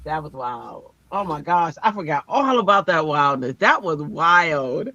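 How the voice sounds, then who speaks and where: Animated, bright-voiced male storyteller. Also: fairly high pitch, a little slow, no room sound, lo-fi sound. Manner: animated, dramatic storyteller who acts out quotes. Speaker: co-host of a crafting livestream. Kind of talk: casual storytelling chat.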